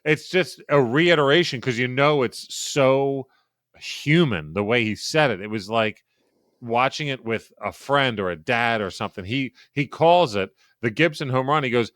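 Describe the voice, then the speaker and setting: A man's voice: mid-range voice, normal speed, a bit bright, dry recording, clean studio sound. A man co-hosting a sports betting podcast in casual, profane chat, often stumbling and repeating words. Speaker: podcast co-host.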